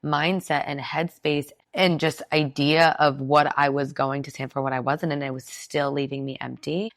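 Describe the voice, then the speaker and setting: A woman's voice: deep voice, gravelly, no echo. A young woman speaking as a podcast guest, telling a candid personal story in a heartfelt, rambling way with lots of "like" fillers.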